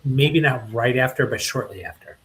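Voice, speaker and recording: A man moderating a webinar at a mid pitch, reading poll questions aloud. He speaks slowly and plays with his inflection. A faint hum of noise sits behind him.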